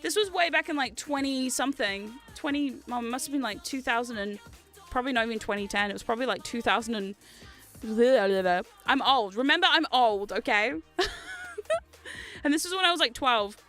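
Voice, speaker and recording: Woman streamer, 30s, high bright voice, chatty and giggly, faint music underneath. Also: fairly quick. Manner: chatty, giggly storytelling, reads chat aloud. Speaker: livestream host. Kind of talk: casual livestream chat.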